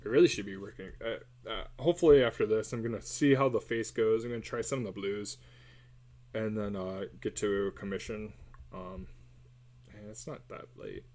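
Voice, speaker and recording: A man's voice: on the low side, moderate pace, a little mellow. Man, nasal, casual rambling chat, drawing livestream, cell phone recording. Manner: rambling, self-deprecating, hums and sings snatches while drawing. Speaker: artist streaming a drawing session.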